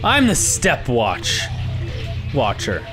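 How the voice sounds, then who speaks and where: A young man giving let's-play commentary on a horror game, excitable and swearing a lot, yelling when startled. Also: mid-range voice, extremely slow, over music. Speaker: gaming YouTuber.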